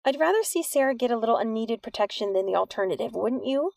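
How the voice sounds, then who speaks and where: Nervous teen schoolgirl, voiced by a woman. High, earnest, a bit gravelly. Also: lively intonation, quick pace, a little mellow, dry recording, studio quality. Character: anxious teenage schoolgirl, quick-minded.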